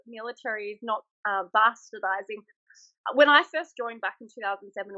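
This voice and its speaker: Aussie woman in her 30s, fairly high voice, frank chatty storytelling, muffled lo-fi call sound. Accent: Australian. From Australia. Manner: frank, animated storytelling with frequent laughs. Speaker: guest, former military instructor. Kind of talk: casual interview chat.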